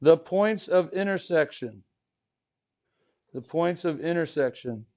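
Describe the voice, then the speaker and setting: A man teaching math to a classroom, his voice a little high for a man. He talks casually, cracks small jokes and keeps asking the class questions. The recording is dull and lo-fi, as if taken from the back of the room. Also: lively intonation, slow pace, a little mellow. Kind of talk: classroom lesson.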